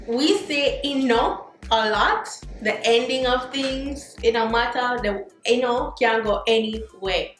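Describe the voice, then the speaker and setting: A chatty, expressive Jamaican woman explains things straight to camera, her voice sitting a little high. Her talk bounces around a roomy, echoey space, with soft music playing underneath. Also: slow pace, hardly any pauses. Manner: expressive, chatty, slips into patois phrases. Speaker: vlogger. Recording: roomy echo, faint music bed.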